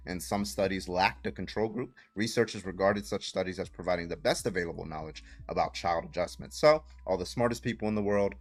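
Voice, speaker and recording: A man runs a heated online debate on his livestream, pressing the same question again and again, pointing to studies and ridiculing the other side. His low-sitting voice is brisk, with few pauses.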